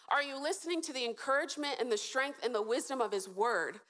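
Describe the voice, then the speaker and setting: Woman preacher, fairly high voice, earnest and encouraging sermon talk to a live audience. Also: fast, a bit bright. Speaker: speaker at a church event.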